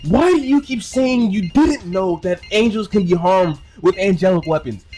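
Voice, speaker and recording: A man's voice: sits high, lively intonation, a little slow, a little mellow, faint music behind. A young man giving an exasperated, casual reaction rant as a commentator, stumbling over repeated words and swearing.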